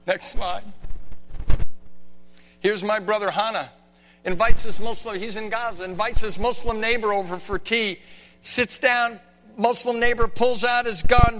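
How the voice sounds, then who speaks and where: Brief: male pastor, sermon from a stage, fairly high voice, passionate, long reverb with faint hum behind. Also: fairly even intonation, a little slow, long pauses. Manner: impassioned, swings from hushed to shouting. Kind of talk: sermon with slides.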